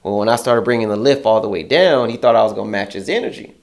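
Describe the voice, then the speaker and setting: An interview guest with a fairly low, gravelly voice tells a story at a quick pace in casual, profane speech. He animates it by acting out other people's lines in a raised, heated voice.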